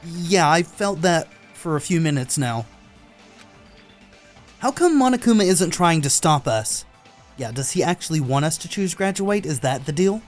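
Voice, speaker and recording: A man giving casual let's-play commentary, excited and talking back to the characters on screen. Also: fairly high pitch, moderate pace, soft background music. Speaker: gameplay commentator.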